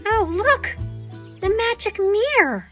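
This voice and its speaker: Cartoon baker girl, cheerful, chatty, sing-song, slow, background music. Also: fairly high pitch, big pitch swings. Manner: bright, chatty, talks to herself. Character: cheerful young baker girl, a number character. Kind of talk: children's cartoon voice acting.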